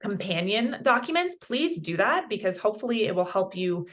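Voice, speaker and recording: Encouraging woman Spanish teacher from Colorado, casual lesson talk, ordinary middle pitch. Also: sing-song, moderate pace, a bit bright. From Colorado, USA. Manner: chatty, encouraging, mixes in Spanish words. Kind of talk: online language lesson.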